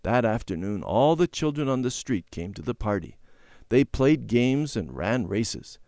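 A man reading a children's Bible story aloud in a gentle, clear storytelling manner. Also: medium pitch, very animated, a little slow, dry recording, clean studio sound.

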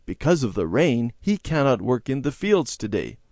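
A man reading aloud and voicing a calm, loving mother reassuring her children. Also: mid-range voice, moderate pace, dry recording, clean studio sound. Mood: pleased.

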